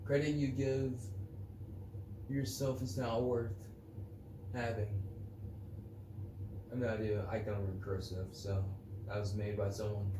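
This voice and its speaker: This solo podcast host speaks a little slowly in a lowish, flat voice, pausing often as he rambles, jokes crudely, and reads out definitions. The casual show is recorded in a home room early in the morning, with echo and faint ambient noise.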